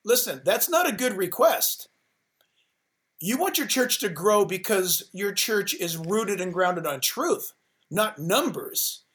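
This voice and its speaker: A man's voice: high-pitched, sing-song, fairly bright tone. A man who is a pastor, talking with sermon-like passion and driving, repeated phrases. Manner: emphatic, rapid-fire repetition. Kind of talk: impassioned sermon-like talk.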